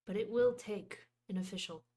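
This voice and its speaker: A woman voicing a proud shopkeeper man, speaking in a measured, unyielding way. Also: medium pitch, dark tone, close to an everyday voice.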